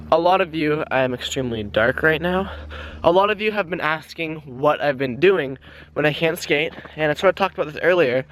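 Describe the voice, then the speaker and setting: A man's voice: on the high side, fairly bright tone, a little hiss or hum. A young man vlogging casually while walking a trail outdoors, out of breath and rambling off on tangents as he talks into a handheld camera. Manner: rambling, easily distracted. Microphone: handheld camera aimed at his face.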